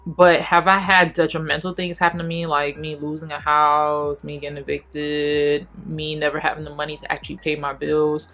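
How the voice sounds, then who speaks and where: Brief: woman in her 30s, heartfelt testimony vlog, lowish voice, faint music behind. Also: monotone. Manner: earnest, emotional, talks fast in bursts and then goes quiet. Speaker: faith vlogger. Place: home apartment while packing.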